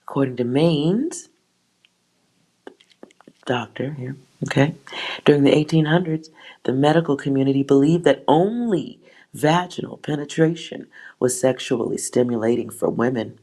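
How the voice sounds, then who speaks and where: A woman's voice: rumbling low, moderate pace, pauses often, dark tone. A woman hosting a tarot channel, reading a history text aloud and breaking off with sighs and wry asides. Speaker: tarot reader host.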